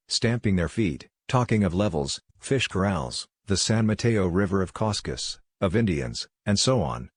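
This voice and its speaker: Male audiobook narrator, steady and measured, low voice, dry close mic. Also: breathy edge, no echo.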